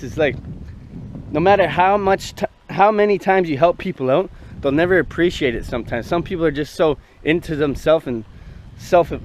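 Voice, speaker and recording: A man with a slightly raised voice rambles through a personal story, full of fillers and cursing. He talks casually and animatedly, like venting to a friend. Traffic noise can be heard outdoors behind him. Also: fairly high pitch. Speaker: host.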